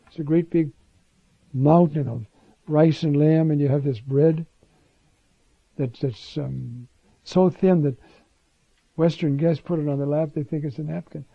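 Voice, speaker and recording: Gravelly man preaching a casual Bible talk. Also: on the high side, normal speed, pauses often, no room sound. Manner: informal, with asides and restarts. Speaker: preacher teaching scripture. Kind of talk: conversational Bible teaching. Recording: dull lo-fi recording.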